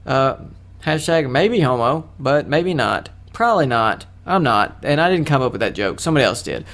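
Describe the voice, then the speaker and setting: A man's voice: medium pitch, very animated, moderate pace, a bit bright. A young man hosting a solo podcast, rambling in a casual, self-mocking way with crude jokes. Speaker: podcast host.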